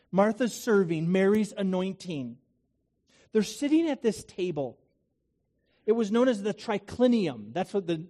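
A man's voice: high voice, dark tone. A man preaching a sermon to a congregation, talking in a conversational way with rhetorical questions and asides. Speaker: pastor.

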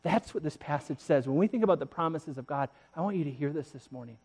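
A man preaching a sermon as pastor, telling a story with laughter and moving from hushed, slow lines to loud, lively ones. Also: a little high.

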